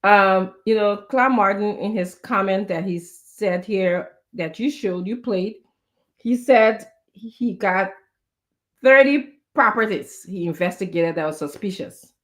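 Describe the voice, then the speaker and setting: A woman, a guest giving measured political commentary on a talk show. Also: mid-range voice, a bit bright. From Liberia.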